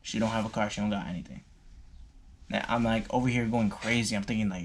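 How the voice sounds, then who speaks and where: A young male vlogger rattles through a personal story at a fast clip, loose and slangy, full of fillers and swearing. His voice is fairly low with fairly even intonation, and a little hiss or hum can be heard.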